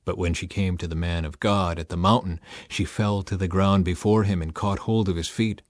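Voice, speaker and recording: A man narrating a scripture story in a measured, deliberate reading style. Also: low-pitched, fairly even intonation, no echo.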